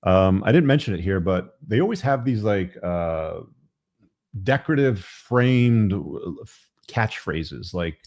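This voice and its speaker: A man's voice: on the low side, lively intonation, slow pace, a little mellow, no echo, studio quality. A man hosting a live podcast show, reading from his book with wry, tongue-in-cheek asides and lots of fillers. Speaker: podcast host.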